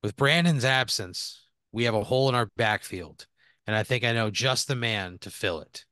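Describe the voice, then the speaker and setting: A man's voice: medium pitch, moderate pace, bright, forceful tone, dry recording, natural voice. A man voicing a scheming male prison warden who pushes and coaxes in an everyday voice, recorded on a dry close mic. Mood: persuasive. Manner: wheedling, leaning in to pressure.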